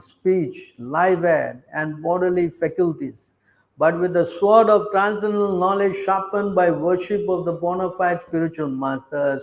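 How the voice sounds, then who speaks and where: A man with a fairly high voice gives a scripture class, reading verses aloud and then breaking them down in short, emphatic bursts. He keeps tossing rhetorical questions at the room, "huh?", "what?", as he drives each point home. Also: a little mellow, muffled recording.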